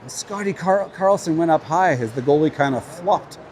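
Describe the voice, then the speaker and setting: A man's voice: a little high, expressive, normal speed, darkish tone, slight background noise. A man casually calling an amateur hockey game on a livestream, chatty and openly cheering for his team. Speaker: play-by-play commentator. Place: at a rink with a crowd.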